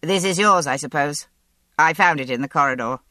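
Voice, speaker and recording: Self-possessed ironic gentleman governor read by a woman, low voice, dry room. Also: fairly quick, no room sound. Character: composed, ironic male governor, dry wit. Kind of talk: audiobook character voice.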